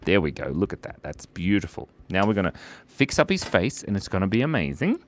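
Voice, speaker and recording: A giggly man hosting a live drawing stream at home, cracking silly jokes as he draws. His voice is low but swings up and down a lot. He chats along in an easy, playful way. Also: very animated, a little fast. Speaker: art stream host.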